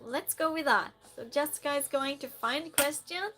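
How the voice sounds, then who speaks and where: A woman's voice: high-pitched, moderate pace, sharp tone, faint music behind. A woman streamer chatting casually and playfully with her live viewers, reading their messages aloud and teasing them.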